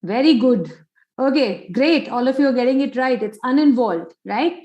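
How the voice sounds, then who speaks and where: A woman's voice: high voice, animated, moderate pace, dark tone, reverberant, lo-fi sound. A woman psychologist giving an online parenting workshop, quizzing listeners with many questions.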